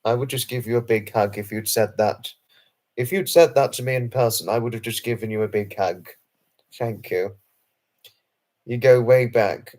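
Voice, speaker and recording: A man's voice: mid-range voice, steady tone, moderate pace, a little mellow. A man hosting a late-night live stream and answering viewers' chat messages. He talks in an effusive, formal and earnest way, often repeating himself and apologizing. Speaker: livestream host.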